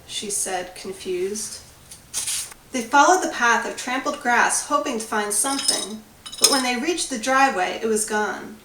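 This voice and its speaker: A woman author reading her children's story aloud with expressive, measured storytelling. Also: on the high side, a little hiss or hum. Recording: roomy, distant recording.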